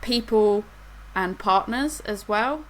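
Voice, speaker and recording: A woman's voice: mid-range voice, animated, slow, low-quality recording. A woman, co-hosting a podcast and telling a rambling story in casual chat. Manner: rambling storyteller, laughs through anecdotes. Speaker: podcast co-host.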